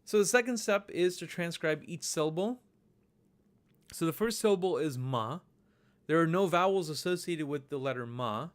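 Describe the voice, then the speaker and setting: A man's voice: a little high, normal speed. Patient man teaching over slides. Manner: patient, step-by-step explaining. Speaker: language teacher. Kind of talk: recorded lesson narration.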